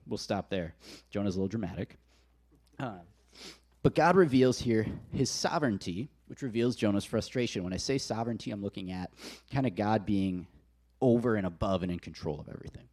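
A man preaching a conversational sermon, telling the story in a casual, animated way. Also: fairly low pitch, a little fast.

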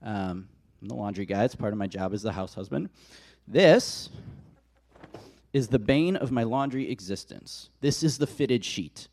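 Casual, animated male preacher. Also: on the low side, moderate pace, gravelly. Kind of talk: conversational sermon.

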